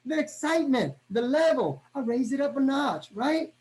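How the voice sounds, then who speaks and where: A man giving an energetic motivational training talk over a video call, constantly checking in with his listeners. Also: very high-pitched, moderate pace. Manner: energetic, punctuates every point with "right?".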